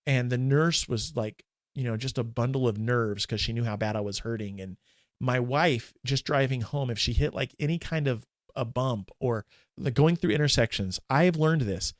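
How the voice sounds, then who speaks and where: A man in his forties, a minister appearing as a podcast guest, shares a candid and emotional personal story, speaking haltingly and restarting often. His pitch is medium, and the recording is dry with studio quality.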